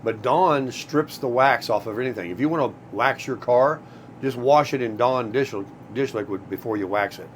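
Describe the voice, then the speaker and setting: A man's voice: mid-range voice, normal speed, slight background noise. A middle-aged man chatting casually to viewers while cooking breakfast in his kitchen, rambling from one thing to the next. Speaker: vlogger. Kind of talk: casual morning vlog chat. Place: home kitchen, RV.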